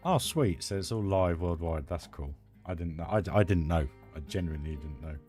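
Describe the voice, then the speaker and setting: A British man with a deep, low voice chats away while he streams a game build. He is enthusiastic and rambles, restarting his sentences often. Faint music plays underneath. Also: lively intonation, brisk, dark tone. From United Kingdom. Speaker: live streamer. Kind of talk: casual live-stream chat while building.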